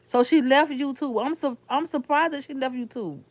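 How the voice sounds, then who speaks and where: A woman's voice: high voice, normal speed, no echo. A woman from Florida with a Florida accent, chatting casually with viewers in a livestream, rambling and calling them honey and sugar. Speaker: YouTuber talking to her live chat.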